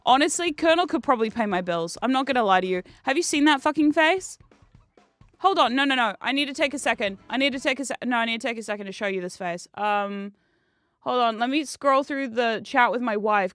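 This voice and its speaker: A woman's voice: on the high side, quick pace, a bit bright, no echo, clean studio sound. A woman streamer chatting casually while gaming, swearing freely and laughing often at a desk microphone.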